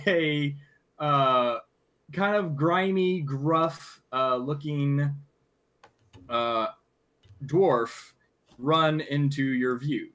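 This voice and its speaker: A man narrating a tabletop game as game master, halting with frequent fillers and restarts. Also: on the high side, fairly bright tone. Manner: halting, many fillers and restarts while recapping.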